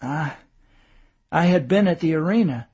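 A man voicing a groggy, injured husband who speaks with effort and halting restarts. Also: a little high, animated, darkish tone, husky.

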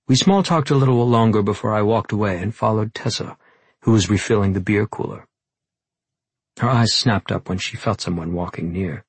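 A man reads a first-person novel aloud with a low, intimate delivery. His voice is gravelly and very husky, and the recording is dry and close with no room sound. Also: normal speed, dry recording. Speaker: audiobook narrator.

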